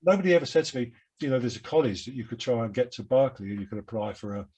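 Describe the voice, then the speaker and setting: A man in his seventies with a London Cockney accent, a guest telling rambling, self-deprecating stories in a relaxed interview over a video call. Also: medium pitch, rapid-fire, husky. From London, England. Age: 70s. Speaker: guest musician. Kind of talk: reflective interview chat.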